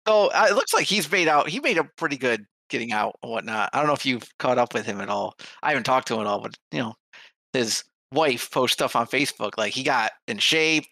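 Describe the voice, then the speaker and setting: A man with a bright, forceful voice, rambling through a casual podcast chat with plenty of fillers. The sound is dry and close. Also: mid-range voice, lively intonation, fairly quick, vocal fry, dry recording. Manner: rambling, lots of "like". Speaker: podcast co-host.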